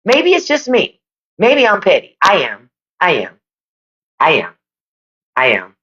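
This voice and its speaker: Playful woman live-streaming, lively voice. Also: on the low side, measured pace. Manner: playful, laughs often, talks to viewers as y'all. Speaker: podcast host on a live stream. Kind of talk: casual livestream commentary. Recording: dull lo-fi livestream audio.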